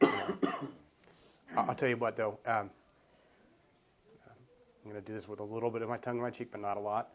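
This man's voice is fairly low and fairly bright, with a flat delivery, normal speed and frequent pauses. In his forties, he is a guest speaker giving a church group a casual, earnest teaching talk, telling stories and restarting often. The meeting room, with a children's group next door, is captured in a dull lo-fi room recording.

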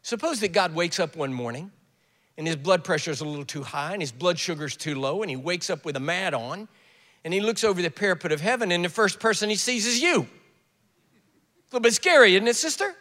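A man's voice: sits high, lively intonation, fairly quick, bright, forceful tone. An older man preaching a sermon, telling stories and putting on voices for quoted speakers, with joking asides. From US South. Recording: echoey hall.

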